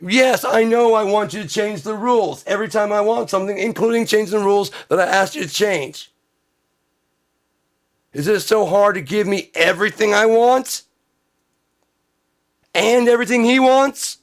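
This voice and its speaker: A man putting on the voice of a whiny, entitled grown man who pleads loudly for everything he wants. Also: sits high, normal speed, long pauses, voice pushed up, natural voice. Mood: whining. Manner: pleading, whining, loud.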